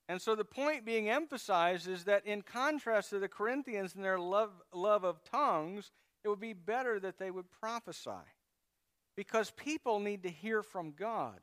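A man preaching a sermon with a high, smooth, resonant voice. He talks in a conversational way, with asides and prompts to the congregation. The sound is dry and close. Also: a bit bright, no room sound. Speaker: pastor.

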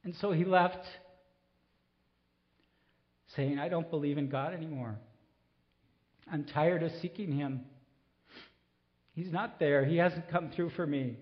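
A middle-aged man preaching a sermon, pleading and impassioned, then soft and reflective. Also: fairly high pitch, unhurried, long pauses, dull audio. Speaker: pastor.

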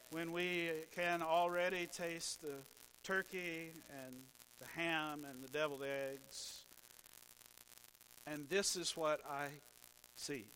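A man preaching a sermon as pastor, telling stories in a slow, measured way with dry humor. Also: fairly high pitch, fairly bright tone, a little hiss or hum, rough recording.

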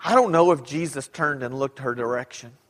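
A man preaching a sermon as pastor, dramatic, rising to shouts when he quotes people. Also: mid-range voice, a little fast. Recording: long hall reverb.

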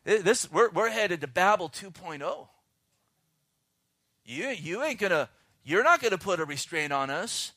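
Male preacher, slightly high voice, fervent sermon delivery with hushed dips. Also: very animated, dry recording, clean studio sound. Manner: fervent preaching, swings between loud and hushed, slows to read scripture. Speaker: pastor. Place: outdoors.

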